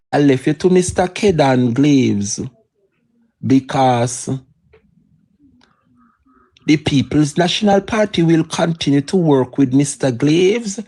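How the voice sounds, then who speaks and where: A man's voice: fairly high pitch, a little mellow. A man with a Jamaican accent giving fiery political commentary on a live stream, slipping between patois and standard English. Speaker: political livestreamer.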